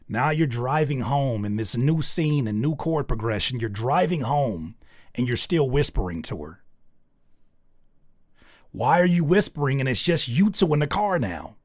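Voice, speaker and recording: A man hosting a livestream where he reviews submitted music, giving blunt, slangy, joking feedback and often jumping up to loud excited shouts. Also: medium pitch, unhurried, dry recording, studio quality. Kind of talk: casual livestream commentary.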